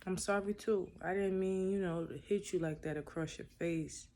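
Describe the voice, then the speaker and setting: A man voicing a shy young woman who speaks in a soft, sleepy murmur in a spoken love story. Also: high voice, steady tone, moderate pace, slight background noise. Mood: apologetic.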